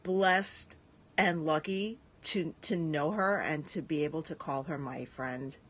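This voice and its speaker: A woman's voice: low-pitched, slow, a bit bright. A woman giving a casual, gushing tribute message and swearing freely.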